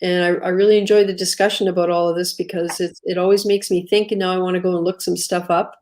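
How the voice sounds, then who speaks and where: A woman's voice: on the low side, flat delivery, fast, darkish tone. Chatty woman hosting a live stream. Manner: easygoing, chatty, thanks guests. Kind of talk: casual live-stream chat.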